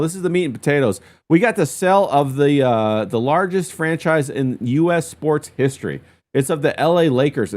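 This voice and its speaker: A man hosting a casual livestream, reading viewer comments in a loose, chatty way. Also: on the high side. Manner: loose and chatty, lots of "uh" and "bro". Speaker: stream host.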